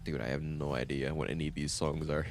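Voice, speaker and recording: A male streamer giving chatty, animated commentary while playing a game, breaking into laughing rants. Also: rumbling low, quick pace, vocal fry, faint music behind. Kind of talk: let's-play commentary.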